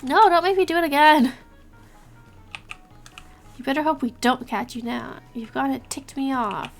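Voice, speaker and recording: A woman's voice: a little high, moderate pace, vocal fry, faint music behind. A woman doing a barking angry lawman. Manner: barking, threatening insults.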